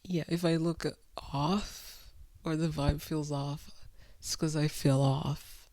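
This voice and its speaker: Feeling overheated, a twenty-something vlogger chats casually and candidly to camera from her room at home, drifting along and laughing at herself. She speaks slowly in a low, steady, warm voice with no room sound.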